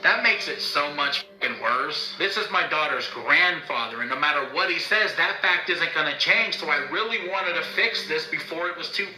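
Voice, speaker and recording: A man's voice: on the high side, expressive, normal speed, few pauses, sharp tone. A man vlogging to his own camera in a bitter, heated rant, swearing often. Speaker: YouTuber. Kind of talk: angry vlog rant. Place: indoors, talking to own camera. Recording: roomy echo, faint music.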